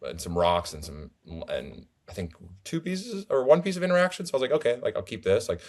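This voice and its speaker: A young man recapping his card tournament games in casual, animated, rambling storytelling full of restarts. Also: medium pitch, fairly quick. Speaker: tournament player guest.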